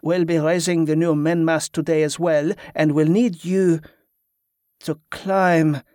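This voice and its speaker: A man's voice: on the high side, little pitch movement, a little slow, a little mellow, no room sound, natural voice. Man voicing a formal male captain, reserved, stiff, dry sound.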